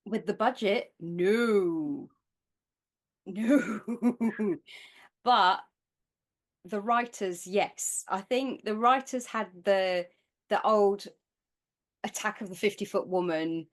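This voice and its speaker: A woman's voice: medium pitch, takes it slowly, long pauses. Blunt, chatty Northern English woman. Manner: chatty, blunt, swears casually. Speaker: podcast co-host. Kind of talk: casual chat.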